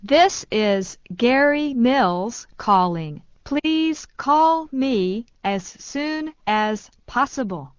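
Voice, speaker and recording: Slow, clear woman, slightly high, reading English phrases for learners. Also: dry recording. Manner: slow, even repetition of each phrase. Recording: dull dry studio sound.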